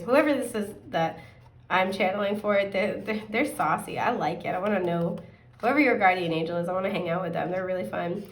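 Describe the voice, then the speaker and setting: Woman tarot reader, chatty casual delivery, hoarse with throat clearing, mid-pitched, recorded in an echoey room. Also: a little fast, far from the mic. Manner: chatty, upbeat, rambling with fillers. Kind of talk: casual pick-a-card tarot reading.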